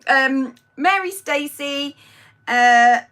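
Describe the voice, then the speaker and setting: A woman's voice: sits high, very slow, a bit bright. A woman from Norfolk with a Norfolk accent, hosting a casual live stream, chatty and self-deprecating, tripping over her words as she greets viewers. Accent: Norfolk English. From Norfolk, England. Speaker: livestream host. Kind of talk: casual live chat reading out viewers' names.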